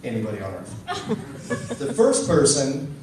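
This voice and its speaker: A young man doing a stand-up comedy set, telling stories with animated, exasperated voices for the people in them. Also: mid-range voice, unhurried, heavy reverb, recorded from a distance, a little hiss or hum. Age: young adult. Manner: animated storytelling, loud exasperated character bits. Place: comedy club stage.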